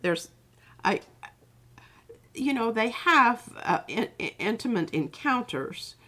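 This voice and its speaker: Her voice sits on the high side, sing-song and a bit bright. Demonstrating her art on a livestream, she talks casually and haltingly, thinking out loud and letting sentences trail off.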